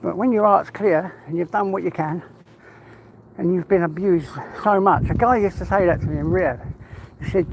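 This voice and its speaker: A man's voice: high voice, normal speed, creaky. Breathless English man walking and talking. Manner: casual, rambling, talks to his dog. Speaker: vlogger. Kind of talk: walk-and-talk vlog. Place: outdoors on a walk. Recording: noisy outdoor phone recording.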